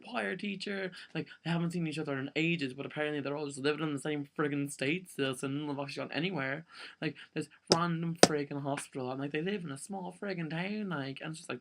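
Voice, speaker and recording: A man's voice: a little high, gravelly, a bit bright, slight background noise. A young man, ranting to camera in a casual vlog, peppering every sentence with "like". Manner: exasperated, filler-heavy ranting with lots of "like". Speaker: vlogger.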